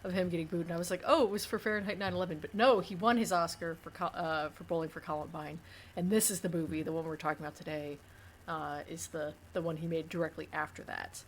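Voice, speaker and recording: A young woman co-hosting a podcast in easygoing conversation, her voice sitting somewhat low. She rambles through her points with plenty of fillers and restarts. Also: fairly even intonation, quick pace, slight background noise. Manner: chatty, rambling, many fillers. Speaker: podcast co-host. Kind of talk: casual chat.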